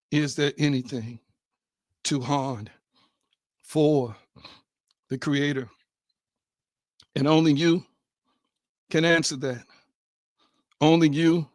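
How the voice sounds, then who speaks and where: A man's voice: a little high, no room sound, studio quality. Dramatic man preaching a sermon. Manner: dramatic, repeats questions, swings from loud to hushed. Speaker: spiritual speaker.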